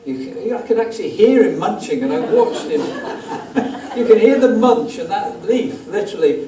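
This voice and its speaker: A wildlife photographer, guest speaking in a theatre auditorium, gives a club audience a rambling, self-deprecating slide talk on moths, full of ums. His voice is fairly high with a dark tone, captured from far off in an echoey hall with faint hiss.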